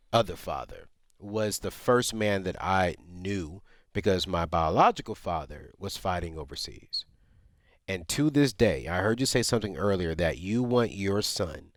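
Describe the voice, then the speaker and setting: A man's voice: low-pitched, dry recording, studio quality. A man co-hosting a radio advice show, speaking with heartfelt passion to a caller. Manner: passionate, heartfelt, many restarts.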